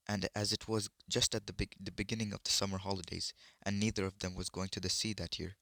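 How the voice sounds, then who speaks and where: A man's voice: low voice, a bit bright, no room sound, clean studio sound. A man reading a children's novel aloud, unpolished, with slips and restarts. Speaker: reader.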